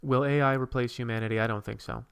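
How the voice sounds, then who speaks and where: A man's voice: medium pitch, fairly even intonation, fast, creaky, clear, resonant tone. A man hosting a casual livestream, rambling while he reads and answers viewers' comments and draws. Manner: drawing while talking. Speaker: streamer host.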